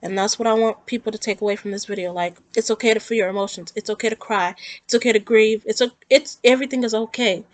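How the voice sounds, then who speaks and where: A woman's voice: a little high, fairly even intonation, quick pace, dry recording. Earnest woman talking about grief. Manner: earnest, rambling, emotional. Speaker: vlogger. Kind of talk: personal talk to camera about grief.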